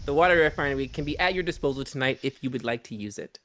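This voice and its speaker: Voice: medium pitch, animated, very fast, a bit bright, a little hiss or hum. A player speaking as their character in a tabletop game, friendly and coaxing. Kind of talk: in-character role-play.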